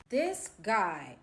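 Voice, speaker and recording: A young adult woman casually narrating a personal story to her viewers, animated and chatty, calling them "y'all" and leaning on "like". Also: mid-range voice, very noisy. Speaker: storytelling vlogger.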